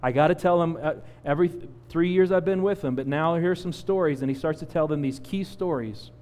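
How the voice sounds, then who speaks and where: A man in his forties preaching a sermon, telling a personal story with lively acted-out quotes. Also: a little high, a little fast, long reverb tail. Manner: animated storyteller, acts out quotes. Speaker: pastor.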